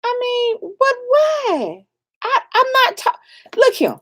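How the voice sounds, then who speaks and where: A high-pitched woman co-hosting a casual chat, telling animated stories full of loud exclamations. The recording is dry and close, with no room sound. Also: slow pace, dry recording. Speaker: co-host of a couple's channel.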